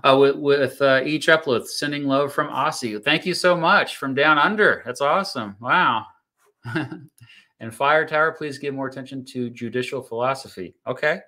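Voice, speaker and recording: On a casual livestream, a man with a mid-range voice and sharp tone reads viewer comments at a normal speed. He explains court rulings in a chatty manner, often using fillers and restarting.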